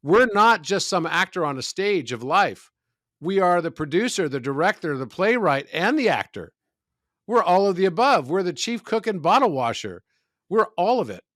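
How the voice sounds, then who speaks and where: A man who is a podcast guest, talking in a measured, reflective way about spiritual ideas and telling stories. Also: sits high, very animated, fairly bright tone, no room sound, clean studio sound. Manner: measured, storytelling, philosophical.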